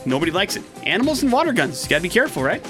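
A man's voice: high voice, sing-song, racing, music in the background. A man co-hosting a morning radio show, reading headlines and joking around in casual banter from the studio. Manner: playful, jokey banter. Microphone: studio microphone.

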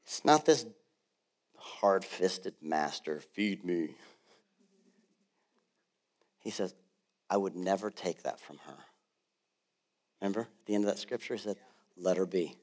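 A man in his thirties, a pastor delivering a sermon in a church, moving from quiet storytelling to loud, fervent preaching. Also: deep voice, animated, normal speed, long pauses. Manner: builds from soft storytelling to loud passionate preaching. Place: church sanctuary.

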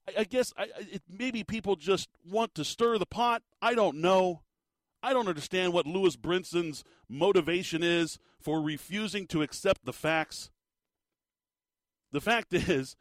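A middle-aged man rants in an exasperated, animated way, often restarting his sentences. His voice sits fairly high for a man. The recording is close and dry. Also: dry recording. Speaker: commentator. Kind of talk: opinionated monologue.

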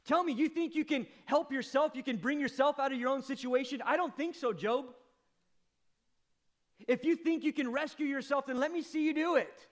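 A preacher voicing God as a stern, demanding figure who fires rhetorical questions. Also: male voice, very high voice, moderate pace, pitched above the performer's own voice. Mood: stern challenging. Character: God, a stern challenging divine voice.

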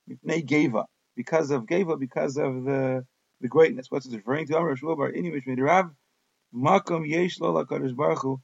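Gravelly male Talmud teacher, reads then translates, dry close sound, dull audio. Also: on the high side, no room sound. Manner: reads Aramaic text then translates in casual English. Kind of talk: daf yomi Talmud lesson.

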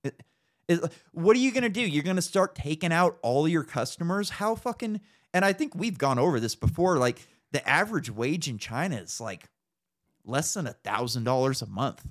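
Hosting a podcast, a young man rants casually about politics, swearing a lot and doing mocking impressions in an animated, profane way. His voice sits a little high and he speaks at a normal speed.

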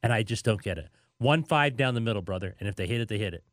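Emphatic, ranting sports host. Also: male voice, lowish voice, lively intonation, quick pace, no echo, studio quality. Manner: emphatic ranting with repeated phrases. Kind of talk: casual sports chat.

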